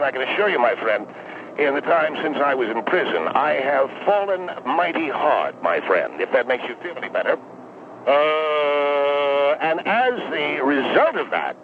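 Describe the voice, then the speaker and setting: A man's voice: on the high side, background noise. A man voicing a prickly, aggrieved ex-convict who calls in, talking in wordy, pompous phrases. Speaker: caller. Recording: tinny phone line.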